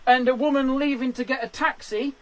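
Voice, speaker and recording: A man's voice: very high-pitched, steady tone, a little fast, poor audio. A man, a stand-up comedian, chatting and laughing through the end of his live-streamed show from a garden shed into a webcam. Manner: chatty, self-deprecating, laughs at his own lines.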